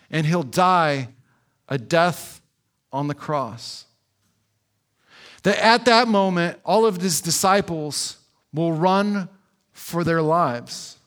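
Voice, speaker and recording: A man preaching a sermon in an earnest, conversational way, slowing down for emphasis. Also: sits high, fairly bright tone. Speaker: pastor.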